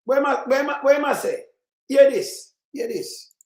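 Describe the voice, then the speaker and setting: A Jamaican man giving an emphatic political commentary in patois, often breaking into shouts. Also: very high-pitched, animated, fast talker, reverberant. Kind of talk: ranting commentary over clips.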